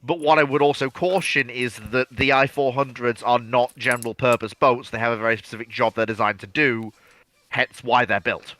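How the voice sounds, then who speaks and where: A man's voice: medium pitch, steady tone, normal speed, bright, forceful tone, no echo, low-quality recording. A man co-hosting a live history Q&A, explaining earnestly and repeating words as he gets going. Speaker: co-host. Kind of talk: casual live Q&A chat.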